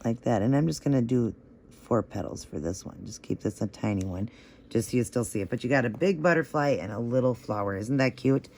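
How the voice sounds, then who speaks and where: A man's voice: mid-range voice, a little fast, creaky, a little mellow, a little hiss or hum. A man hosting a nail art tutorial, talking through each step in a chatty, encouraging way and gushing over how the results look.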